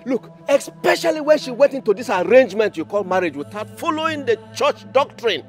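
A man's voice: very high-pitched, sing-song, brisk, soft background music. Stern unforgiving catechist father. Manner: stern, preachy, unyielding.

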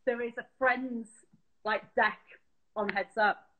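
A woman's voice: on the high side, fairly even intonation, takes it slowly, narrow, tinny audio, background noise. A woman chatting as a guest on a video call, talkative and teasing. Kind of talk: casual video-call chat.

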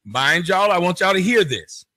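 A man's voice: sits high, sing-song, moderate pace, sharp tone. A man hosting a commentary show, mocking a played clip with jokes and sing-song emphasis. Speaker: show host.

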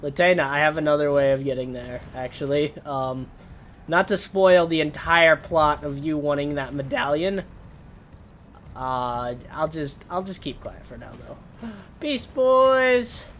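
Excitable young man gaming, somewhat high voice. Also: moderate pace, slight background noise. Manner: rambling, swears, bursts into sudden yells. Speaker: gaming streamer. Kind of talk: casual gameplay commentary.

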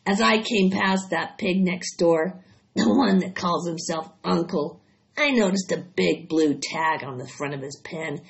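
A woman voicing a greedy, bloated male rat with a husky, hoarse voice and a slow, gloating drawl. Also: on the low side. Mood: sneering. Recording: dull lo-fi recording.

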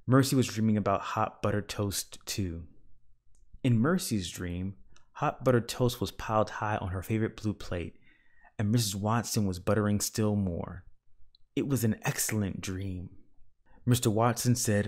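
Lower-voiced guy reading a kids book aloud, slow and gentle. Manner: gentle, measured storytelling. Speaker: storyteller reading a children's book. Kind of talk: children's read-aloud narration.

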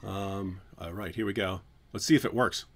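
A man hosting a casual live stream, chatting and joking, now and then breaking into silly high singing. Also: normal speed, fairly bright tone. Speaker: channel host.

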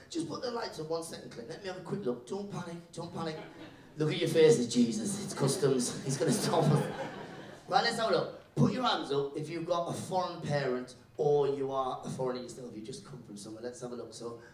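A male stand-up comedian working the crowd from the stage, teasing people with quick, playful banter. His voice sits a little high, and it rings through an echoey live room, picked up from a few steps away. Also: recorded from a distance. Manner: brisk, playful, repeats his catchphrases.

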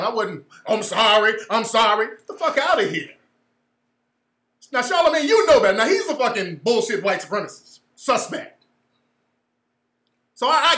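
A man rants on a livestream, cursing freely and mocking someone in a meek mimicking voice. His tone is bright and forceful. The sound carries a roomy echo. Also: high voice. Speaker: host. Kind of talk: livestream commentary reacting to a clip.

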